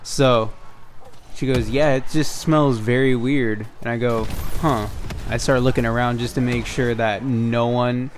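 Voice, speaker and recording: Unhurried and mid-range, this young man's voice comes with slight hiss or hum. As host of a storytime gaming video, he relaxes into recounting a story over gameplay, performing the dialogue with energy and cursing often.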